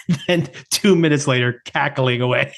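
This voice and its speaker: A man's voice: mid-range voice, normal speed, fairly bright tone. Laughing man recapping a show. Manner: laughs often while retelling scenes. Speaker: podcast co-host. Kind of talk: casual chat reviewing a TV episode.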